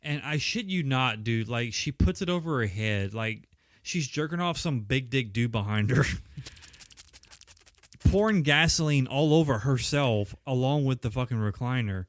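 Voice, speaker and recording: Swearing, lively-voiced podcast co-host man. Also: mid-range voice, moderate pace, dry recording, studio quality. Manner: swearing, exasperated, laughing retelling of scenes. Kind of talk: casual film-review chat.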